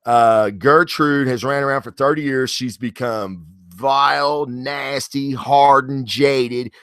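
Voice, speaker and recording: A man's voice: medium pitch, fairly even intonation, takes it slowly, fairly bright tone, clear, resonant tone, dry recording, studio quality. A man giving a casual comic book review, rambling and enthusiastic, with lots of swearing and false starts. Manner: rambling, profane, enthusiastic, many restarts.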